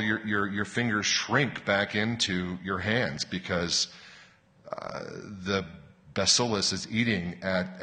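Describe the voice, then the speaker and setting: Bright-voiced preacher in a reverberant hall. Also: male voice, fairly low pitch. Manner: earnest, explanatory, with emphatic rises and slowed stresses. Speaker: pastor. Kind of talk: sermon.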